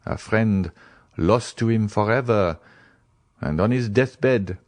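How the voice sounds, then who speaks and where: A man's voice: fairly low pitch, takes it slowly, no echo. Man voicing an earnest young man.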